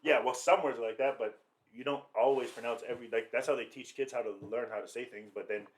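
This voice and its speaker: Man from Canada, fast-talking, profane, joking podcast co-host. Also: mid-range voice, steady tone. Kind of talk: casual chat.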